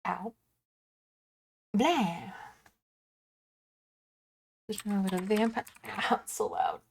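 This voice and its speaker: A woman streamer chatting casually as she plays, excitable, laughing and swearing freely. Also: medium pitch, takes it slowly, gravelly, slightly rough. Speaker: game streamer.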